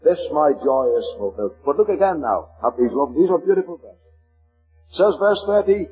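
A man from Liverpool with a Liverpool accent preaching a sermon, slowing to a measured cadence when he reads scripture aloud. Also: high voice, lo-fi sound, faint music behind. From Liverpool, England.

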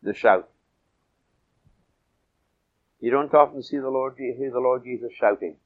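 A man preaching a sermon, swinging from loud emphatic peaks to soft low asides and stretching key phrases. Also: fairly quick, phone-quality sound.

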